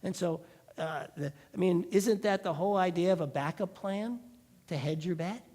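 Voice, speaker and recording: A man giving a sermon as pastor, telling a story in a lively, conversational way. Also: high-pitched, moderate pace.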